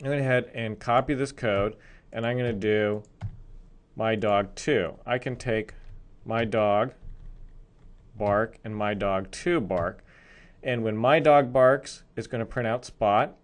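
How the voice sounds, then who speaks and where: A man's voice: on the low side, takes it slowly. A male programming instructor explaining code step by step in a recorded screencast lesson.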